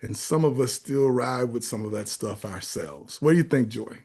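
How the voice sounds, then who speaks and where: A man co-hosting a podcast, telling a story in a casual, animated way and acting out the voices in his joke. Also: mid-range voice, moderate pace, husky. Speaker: podcast co-host, child advocate.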